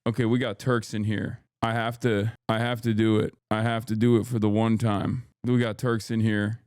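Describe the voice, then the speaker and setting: In a clean, dry studio recording, a man from the United States hosts a live stream as a political commentator, reading out chat messages and answering them. He's rambling, jokey, loose and irreverent, with a fairly low, resonant, clear and darkish voice that moves little in pitch at a moderate pace.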